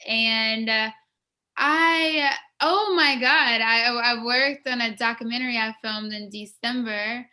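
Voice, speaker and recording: A woman's voice: on the high side, steady tone, slow pace, pushed and bright. A woman actress from West Africa, telling stories from her career in a casual, enthusiastic interview. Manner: enthusiastic, storytelling, restarts often.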